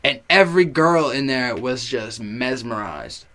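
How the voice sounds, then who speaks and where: A young man telling a long, animated story in casual chat, swearing freely and acting out what people said. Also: mid-range voice, measured pace. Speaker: guest.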